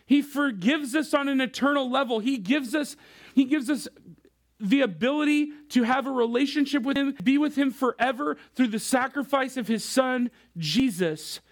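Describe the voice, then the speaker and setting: Youth pastor type, thirties, man with a very high voice, chatty laid-back preaching. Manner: casual, conversational preaching to a young crowd. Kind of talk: sermon.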